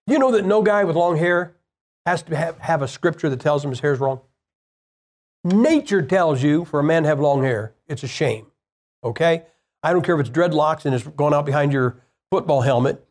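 A man's voice: fairly high pitch, a little mellow. A man preaching a sermon, telling a personal story in a plain-spoken, conversational way and firing rhetorical questions at the congregation.

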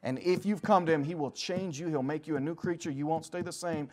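A man in his forties preaching a fervent sermon, swinging from quiet, low passages to loud, high-pitched shouting, acting out prayers and inner voices. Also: brisk. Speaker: pastor.

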